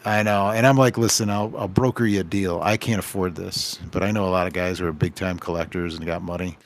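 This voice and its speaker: A man's voice: deep voice, fairly even intonation, brisk. A man who owns a game store, telling rambling anecdotes on a casual podcast and acting out the dialogue.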